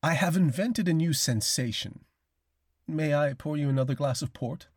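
A man voicing a cultured, courteous older aristocrat hunter with a quietly menacing edge, speaking slowly and deliberately in an audiobook reading. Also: on the high side, slightly rough, no echo, studio quality, voice pushed up. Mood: suave, menacing. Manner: slow, measured, courteous delivery.

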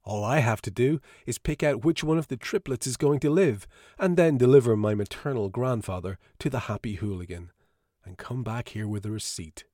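A man voicing a bitter, sulky young father who talks in a flat, sarcastic way. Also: medium pitch, moderate pace, no echo, studio quality, lightly acted.

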